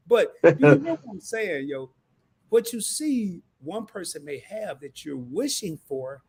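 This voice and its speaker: A man hosting a casual livestream talk, animated and preachy, with frequent stumbling restarts. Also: fairly high pitch, takes it slowly, creaky. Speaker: livestream host.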